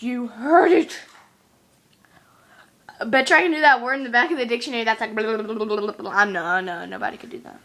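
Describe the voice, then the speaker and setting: A woman talking casually to her camera at home, excitable and quick to exclaim. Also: on the high side. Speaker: vlogger. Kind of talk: casual chatty vlog.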